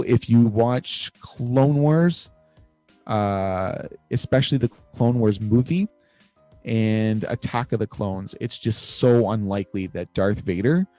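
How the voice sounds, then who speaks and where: A man talking through ideas on a casual fan show, leaning on fillers and quick laughs. His voice sits low and sounds close and dry. Faint music plays underneath. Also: warm tone, dry recording. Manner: rambling, laughs often, lots of fillers. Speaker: podcast co-host.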